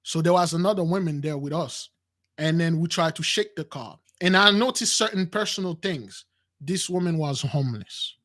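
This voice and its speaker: High-voiced man telling a story animatedly. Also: moderate pace. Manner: animated retelling with acted quotes, addresses "brothers"; non-standard grammar, repeats and restarts. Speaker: spiritual channel host. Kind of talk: storytelling to listeners.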